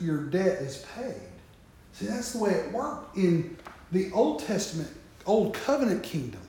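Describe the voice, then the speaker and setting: A man's voice: high-pitched, darkish tone, very echoey. A man preaching a sermon, talking straight to the congregation with joking asides.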